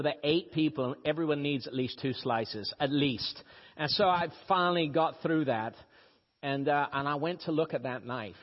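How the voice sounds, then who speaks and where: A man from Brazil with a slight British-tinged accent, preaching a sermon in a storytelling way with sudden rises in pitch for emphasis. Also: breathy edge. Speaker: pastor. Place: church. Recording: dull lo-fi audio with long church reverb.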